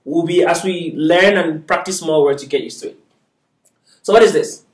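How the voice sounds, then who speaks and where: A man's voice: fairly high pitch, moderate pace, reverberant, recorded from a distance. A man teaching a beginners' Arabic class, patiently drilling syllables aloud and constantly checking that his students are following. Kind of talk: classroom lesson.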